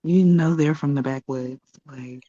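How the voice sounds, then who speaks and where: A woman speaking as a guest in a casual chat, soft-spoken and deliberate. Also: sits low, dry recording, muffled recording.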